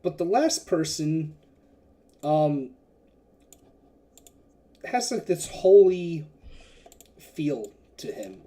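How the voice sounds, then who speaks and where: Rambling, mellow-voiced game master. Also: mid-range voice, big pitch swings, drawn-out words, pauses often. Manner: rambling, filler-heavy, casual. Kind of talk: narrating a tabletop game.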